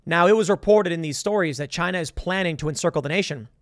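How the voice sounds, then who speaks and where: A man hosting a political commentary show, talking in an animated, sarcastic way as he reads out news stories and reacts to them. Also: on the high side, quick pace, dry recording, studio quality.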